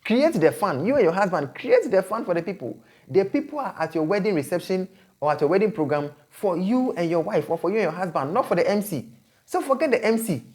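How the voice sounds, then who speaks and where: A man hosting an advice vlog, speaking emphatically, repeating phrases and breaking into sudden high exclamations. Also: big pitch swings, fairly quick, a little mellow. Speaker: host.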